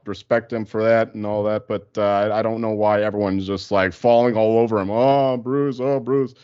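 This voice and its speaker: A man's voice: medium pitch, no room sound, lo-fi sound. A man on a sports podcast, ranting casually and swearing a lot. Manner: profane, ranting, animated. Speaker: podcast co-host.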